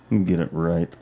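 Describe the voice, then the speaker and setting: A man's voice: low voice, mellow, slightly rough, dull audio. A man co-hosting a casual podcast chat, joking and enthusiastic with playful teasing. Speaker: podcast co-host.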